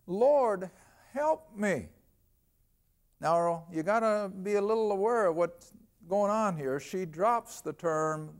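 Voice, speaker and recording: Older male Bible teacher, high-pitched, homespun and conversational, slows down for scripture. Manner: folksy, conversational teaching, reads scripture aloud slowly. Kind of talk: televised Bible lesson.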